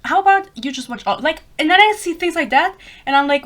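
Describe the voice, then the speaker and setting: A German woman in her twenties hosts a casual book podcast in English with a light German accent. She has a high, brisk voice and rambles excitedly, swearing freely.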